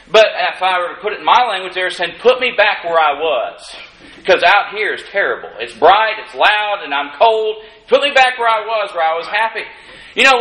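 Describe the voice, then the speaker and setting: A male pastor with a high, bright voice delivers a sermon in an echoey church sanctuary. His preaching is folksy with dry humorous asides, rising in emphasis on key lines, while the congregation calls out amens.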